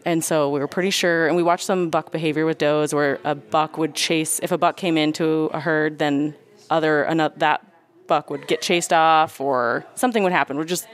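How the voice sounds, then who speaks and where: A woman telling a hunting story in casual talk, animated, acting out what people said. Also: low voice. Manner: animated, quick, acts out quotes. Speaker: guest storyteller; hunter and nurse.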